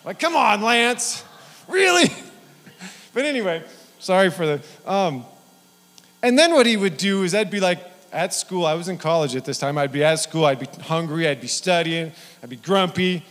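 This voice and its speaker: A man's voice: fairly high pitch, normal speed. A middle-aged man preaching a sermon in a folksy, rambling way, with many restarts. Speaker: pastor. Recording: long hall reverb.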